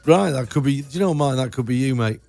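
A man's voice: medium pitch, animated, very fast, creaky, dark tone, soft background music. A man hosting a radio show, chatting casually and joking with his guest, laughing often. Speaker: radio host. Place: radio studio.

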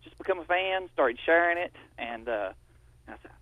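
A man's voice: fairly high pitch, animated, moderate pace, no echo, phone-quality sound. A man with an Eastern Kentucky accent calling in to a radio show, with a chuckling, folksy drawl. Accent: Southern US, Eastern Kentucky. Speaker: caller. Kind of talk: phone-in chat on a radio show.

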